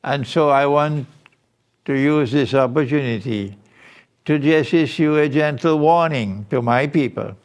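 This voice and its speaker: A man giving a lecture as a Muslim teacher, speaking in a deliberate, emphatic way. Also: mid-range voice. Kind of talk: recorded lecture.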